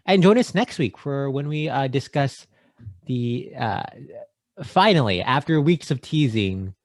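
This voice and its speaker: Male co-host, playful banter, rattles off shout-outs, mid-pitched, close dry mic. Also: lively intonation, unhurried, dry recording. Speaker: podcast co-host. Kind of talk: casual chat.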